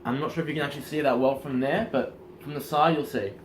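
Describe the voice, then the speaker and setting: A man coaching in casual instructional talk, energetic and demonstrative, often checking in with the listener. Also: medium pitch, fast, a little hiss or hum. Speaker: self-improvement coach.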